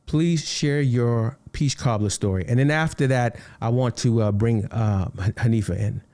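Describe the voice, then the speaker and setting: A man's voice: mid-range voice, normal speed, a little mellow, dry recording. A man hosting a panel discussion, hesitant and easygoing as he hands the floor to guests. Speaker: host.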